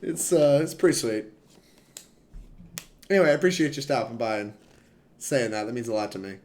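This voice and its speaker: A man's voice: mid-range voice, a little fast, darkish tone. A young man streaming a card game, chatting and rambling to his chat in a casual, laughing way. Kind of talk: casual gameplay commentary to chat.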